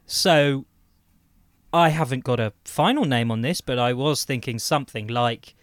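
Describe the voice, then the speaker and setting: A man co-hosting a podcast, pitching an idea eagerly in casual chat with many restarts. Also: no room sound. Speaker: podcast co-host.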